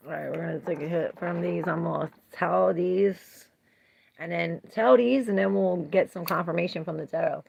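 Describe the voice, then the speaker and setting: A woman's voice: lowish voice, moderate pace, vocal fry, darkish tone, breathy edge. A woman giving a casual livestream tarot reading, chatty and laughing often as she greets viewers and answers their comments. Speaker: tarot reader.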